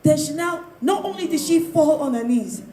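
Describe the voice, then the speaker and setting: Loud, emphatic woman with a high voice in a roomy space, laughing between points as a panel guest. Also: animated, moderate pace. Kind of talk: opinionated panel discussion. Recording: roomy, echoey sound.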